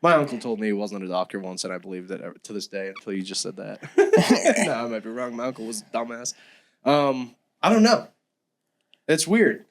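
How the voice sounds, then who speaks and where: A man's voice: medium pitch, expressive, brisk. A man co-hosting a casual podcast, swearing and acting out quotes in silly voices. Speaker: podcast co-host. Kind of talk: casual chat.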